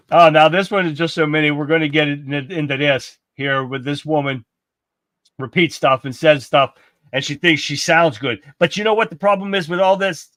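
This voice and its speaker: A man's voice: on the high side, fairly bright tone, no echo. A man co-hosting a casual political livestream, chatting loosely and reading viewer comments aloud. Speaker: livestream co-host.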